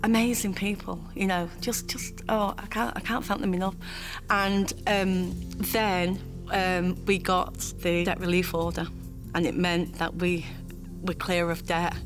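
A woman giving an emotional personal testimony, halting and tearful at times. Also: on the low side, level tone, over music. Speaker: interviewee sharing her story.

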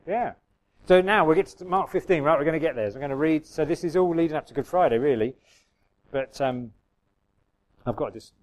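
A man with a medium-pitched voice preaches a conversational sermon, reading scripture aloud and musing with restarts and asides to the congregation. The recording quality is low.

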